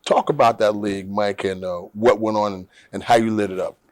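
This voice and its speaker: A man's voice: fairly low pitch, fairly even intonation, a little fast, darkish tone, no echo, clean studio sound. A man hosting an interview, prompting his guests and agreeing with them often. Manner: affirming, chimes in with "that's right". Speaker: interview host.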